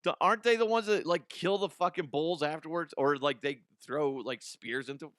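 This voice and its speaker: A man's voice: fairly high pitch, moderate pace, fairly bright tone, dry recording, studio quality. A young adult man hosting a comedy news podcast, ranting casually with swearing, laughter and mocking put-on voices.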